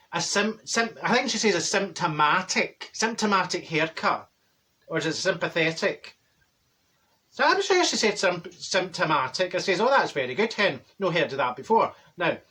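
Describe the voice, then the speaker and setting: A man takes on the role of a brash, gabby middle-aged Glaswegian woman, a blunt gossip who describes herself as a people person, in a comic character monologue. He uses a high, pushed and bright voice with lively intonation at normal speed.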